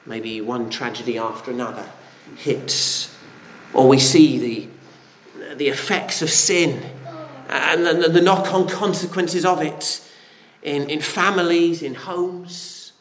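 Earnest preacher, slightly high voice. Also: male voice, slow pace, a little hiss or hum. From Britain. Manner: earnest, rhetorical questions, frequent restarts. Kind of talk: sermon.

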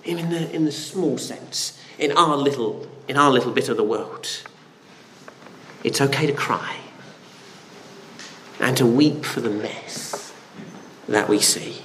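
A man's voice: medium pitch, measured pace, pauses often, fairly bright tone, a little hiss or hum. A man preaching a sermon, earnest, with rhetorical questions and frequent restarts. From Britain.

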